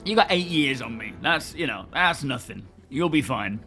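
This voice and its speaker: A man's voice: medium pitch, lively intonation, moderate pace, pushed and bright, soft background music. Chatty man streaming. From England. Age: 30s. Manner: chatty, greets viewers by name, friendly banter. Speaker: game streamer reading live chat. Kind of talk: casual live-stream chat.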